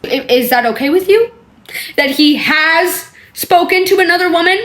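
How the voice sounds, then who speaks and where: A woman's voice: very high-pitched, moderate pace, fairly bright tone. A woman giving casual reaction commentary, exasperated and sarcastic with lots of swearing. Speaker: reaction video creator.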